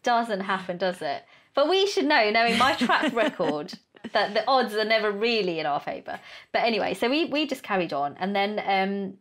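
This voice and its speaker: A woman's voice: mid-range voice, normal speed. Woman telling a story in an interview. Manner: animated storyteller, acts out quoted dialogue, laughs often. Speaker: podcast guest.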